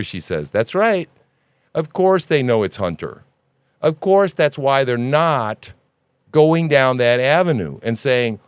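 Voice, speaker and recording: A man hosting a news commentary podcast, ranting in an animated, sarcastic and profane way. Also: medium pitch, normal speed, smooth, no room sound. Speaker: podcast host.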